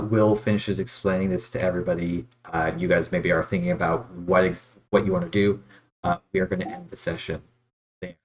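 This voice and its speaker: Low-voiced man running a tabletop game, halting, filler-heavy narration. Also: slight background noise. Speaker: game master.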